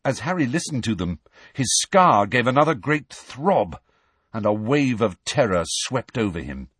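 A male audiobook narrator with a dramatic, shifting storytelling delivery. His voice swings widely in pitch and carries a husky grain. The sound is close and dry with no room around it. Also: big pitch swings, measured pace, fairly bright tone, no room sound.

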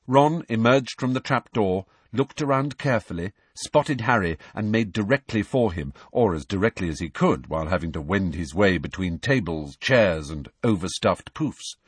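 A man's voice: on the low side, expressive, normal speed, breathy edge, dry recording. A man narrating a storybook aloud, reading expressively. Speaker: audiobook narrator.

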